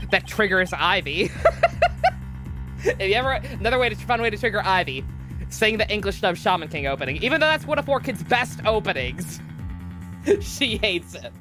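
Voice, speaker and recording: Playful woman streamer, lively voice, music behind. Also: mid-range voice, moderate pace, long pauses. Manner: playful, swears casually, laughs often. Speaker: streamer playing a game. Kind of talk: casual let's-play chat with voice reading.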